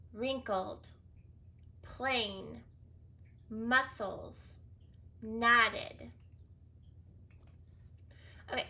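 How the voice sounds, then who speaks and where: A woman teaching a reading lesson to young children, pitched a little high and talking very slowly. She sounds out each word and spells it letter by letter. She praises often as she goes. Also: pushed and bright. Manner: slow, clear, sounds out words and spells letters one by one.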